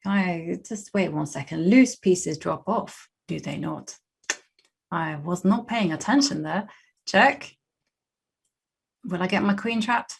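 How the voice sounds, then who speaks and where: A woman's voice: lowish voice, slow, gravelly, pauses often, husky. A young woman with a West London English accent talks her way through chess games on a live stream. She is chatty and laughs easily, and she thinks aloud with plenty of restarts. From England. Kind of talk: casual live-stream chat while playing chess.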